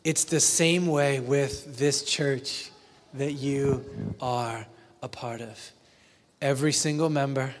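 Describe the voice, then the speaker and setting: A man preaching a sermon as a pastor, conversational, often asking the congregation questions. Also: mid-range voice. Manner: conversational, asks the congregation questions, acts out silly quotes. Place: church hall with long reverb. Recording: reverberant church hall.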